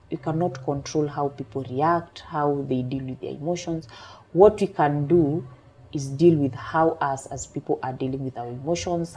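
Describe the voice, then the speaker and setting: A woman coach on a talk show, calmly explaining her point through everyday examples. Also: low-pitched, slightly rough. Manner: calm, measured explaining with examples. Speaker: emotional intelligence coach.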